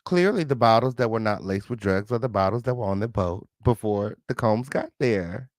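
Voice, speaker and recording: A man's voice: fairly low pitch, lively intonation, moderate pace, no room sound, clean studio sound. A man hosting a live reaction commentary, sassy and chatty, talking straight to his viewers and repeating his catchphrases. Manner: repeats catchphrases, mock-dramatic asides. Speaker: host reacting to news.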